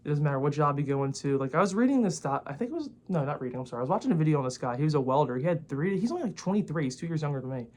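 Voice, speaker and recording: A man's voice: a little high, very animated, racing, hardly any pauses, darkish tone. A man in his twenties ranting casually to the camera, rambling and blunt, swearing often and filling his talk with "like". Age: 20s. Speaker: vlogger.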